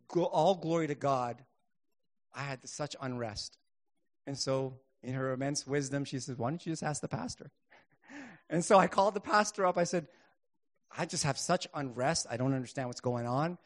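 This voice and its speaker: A middle-aged man preaching a sermon and telling his own testimony, earnest, rising to emphatic bursts and then dropping quiet. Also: medium pitch, animated, moderate pace.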